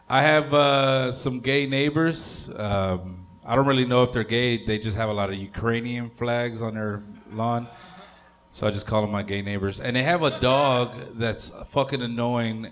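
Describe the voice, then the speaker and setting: A man's voice: mid-range voice, moderate pace, a bit bright. A man in his thirties doing a stand-up comedy set, rambling and crude, stopping on fillers. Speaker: stand-up comic.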